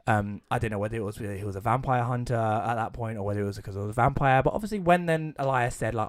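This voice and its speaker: Young man, English accent, casual podcast rant, swearing, acts out lines, mid pitch. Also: lively intonation, brisk. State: coughing, something stuck in throat. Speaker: podcast co-host.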